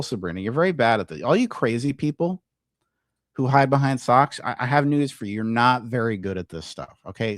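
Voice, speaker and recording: A man's voice: on the low side, no echo, clean studio sound. A man hosting a livestream commentary show, ranting profanely and combatively at viewers in his chat.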